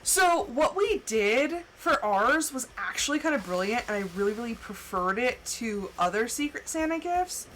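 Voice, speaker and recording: A woman livestreamer telling stories in casual chat, animated and full of fillers, acting out the people she quotes. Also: fairly high pitch, normal speed, hardly any pauses, slight background noise, rough recording. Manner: chatty and animated, full of "like" and laughs; acts out quoted people with jumps in voice. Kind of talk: casual storytelling chat during a game stream.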